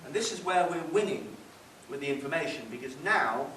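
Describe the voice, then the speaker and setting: A man's voice: a little high, lively intonation, fairly quick, fairly bright tone. A man giving an informal public talk, conversational and wry, wandering off on asides. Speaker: public speaker. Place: meeting hall. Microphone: distant room mic. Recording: roomy hall, distant mic, faint hiss.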